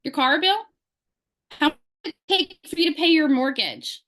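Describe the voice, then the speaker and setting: Woman, high voice, sales team leader; fervent motivational speech, rapid-fire questions, video-call mic. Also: animated, pushed and bright.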